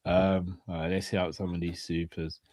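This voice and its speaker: A man calmly making balanced points in a casual football analysis chat, with some hesitant fillers. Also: deep voice, dry recording, studio quality. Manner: measured, reasonable, hesitant fillers. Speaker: football pundit co-host.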